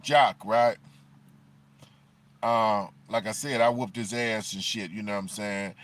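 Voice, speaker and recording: A man's voice: on the low side, steady tone, measured pace, fairly bright tone. Rambling, profane man. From Chicago, USA. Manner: rambling, profane, constant "you know what I'm saying" fillers. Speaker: livestream commentator. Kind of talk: unscripted livestream rant.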